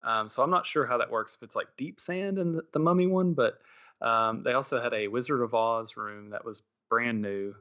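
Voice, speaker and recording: A man's voice: mid-range voice, normal speed, pushed and bright. A man recounting an outing in casual podcast chat, hesitating with frequent ums. The recording sounds a little dull and lo-fi. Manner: hesitant, filler-heavy storytelling. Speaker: podcast co-host. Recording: slightly dull lo-fi audio.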